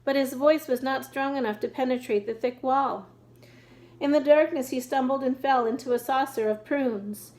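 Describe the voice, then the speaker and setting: A woman reading a children's book aloud at a steady pace, now and then restarting a word. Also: high voice, moderate pace, rough recording. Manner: steady reading with occasional restarts over words. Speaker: reader.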